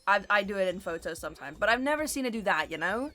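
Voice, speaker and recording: A woman's voice: medium pitch, expressive, quick pace, bright, forceful tone, faint music behind. A woman streamer chatting casually with her viewers, rambling and giggly as she drifts into tangents. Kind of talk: casual livestream chat with viewers.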